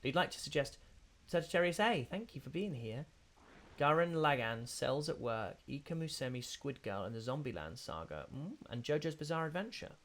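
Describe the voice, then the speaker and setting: A man's voice: mid-range voice, lively intonation, moderate pace, a bit bright. A man, chatting casually while streaming a video game and thanking viewers in chat. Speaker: streamer and voice actor. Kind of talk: casual live-stream gameplay commentary.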